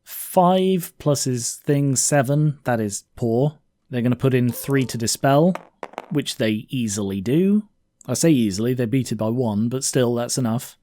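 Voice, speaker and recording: A man's voice: medium pitch, a little slow, dark tone. A man casually narrating his own tabletop wargame, thinking aloud with frequent fillers.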